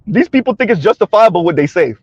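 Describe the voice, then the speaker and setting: A man's voice: high voice, lively intonation, fast, a little mellow, husky, no room sound, lo-fi sound. A man hosting a casual commentary vlog, talking mockingly to his viewers, laughing often and asking "right?" over and over. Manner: addresses viewers directly. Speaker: commentary channel host.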